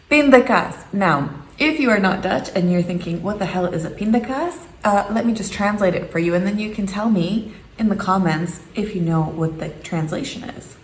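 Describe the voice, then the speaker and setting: A playful woman in her thirties talks through a light comedic vlog, jumping into exaggerated voices to mimic people. Her voice sits at an ordinary pitch, and the room around her is echoey with a faint hum of background noise. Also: normal speed. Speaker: vlogger. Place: home room.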